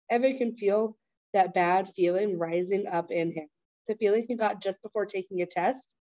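A woman teacher reading a chapter book aloud in a steady, clear voice, then giving class instructions. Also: medium pitch, no room sound, highs cut off. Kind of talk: read-aloud storybook narration.

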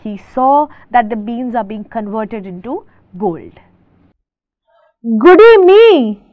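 A woman teacher from India reading a story aloud and stopping to explain each word, restating things slowly with fillers, on a dull, lo-fi recording. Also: a little high, dry recording.

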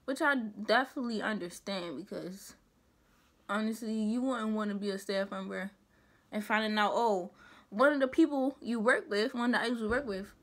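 A young woman vlogger chatting casually, emphatic and animated with rhetorical asides. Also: mid-range voice, moderate pace. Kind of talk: casual commentary chat.

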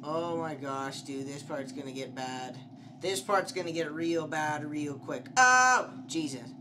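A man's voice: a little high, fairly even intonation, measured pace, noisy background. A young man giving commentary on a horror game, swearing often and shrieking when scared. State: slightly sick. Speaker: gameplay streamer.

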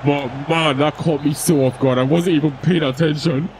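With a darkish, slightly high voice, fairly even intonation and a normal pace, a young gaming YouTuber narrates a football video game casually, cursing freely and ranting when it frustrates him. The recording is low-quality, with slight background noise.

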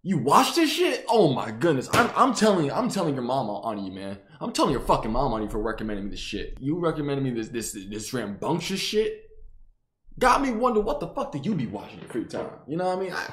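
A man's voice: mid-range voice, very animated, quick pace, a bit bright. A young man reacting to a movie with profane, laughing, incredulous outbursts. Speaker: reaction video host. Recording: echoey room.

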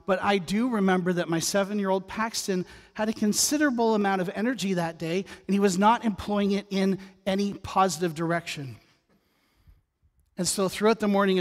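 High-voiced pastor preaching in a reverberant church. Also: male voice. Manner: conversational, humorous asides, storytelling. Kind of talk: sermon. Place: church sanctuary. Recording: church sanctuary with long reverb.

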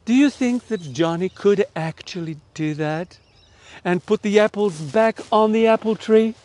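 A middle-aged man with an Australian accent tells a children's story in an online church service. His delivery is lively and animated, speaking straight to the children. His voice sits high for a man. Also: measured pace. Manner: lively, animated storytelling, warm direct address.

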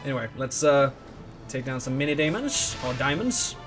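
A man giving casual gameplay commentary as the host of a let's play, rambling and excitable, often restarting his sentences and humming along. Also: mid-range voice, moderate pace, over music.

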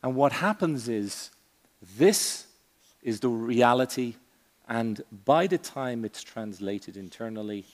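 A man giving a conference keynote speech on a stage, with a theatrical, varied delivery, long pauses and punchy asides. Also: medium pitch, animated, in a large hall. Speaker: keynote speaker.

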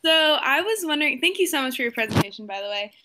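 A woman's voice: high voice, expressive, fast talker, pushed and bright. A young woman asking the speaker a polite, somewhat hesitant question. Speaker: audience questioner.

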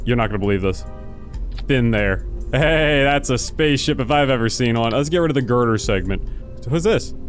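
Casting: a bouncy, easily excited gamer guy thinking out loud as he fumbles through a game, with faint game music underneath. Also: medium pitch. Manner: excitable, confused, talks to himself while playing. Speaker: gaming video host. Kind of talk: casual let's-play commentary.

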